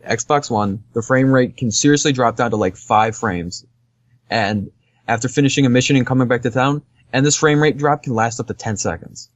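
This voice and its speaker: A man's voice: medium pitch, moderate pace, no room sound, lo-fi sound. A man co-hosting a podcast, casually rambling through a game review with lots of fillers and easy laughs. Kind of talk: casual chat.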